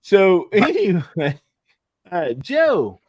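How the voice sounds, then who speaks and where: A folksy man hosts a live podcast, heaping praise on his guests. His voice sits a little high. The sound is close and dry. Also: huge pitch swings, very slow, darkish tone, no room sound. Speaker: podcast host. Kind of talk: casual live podcast chat.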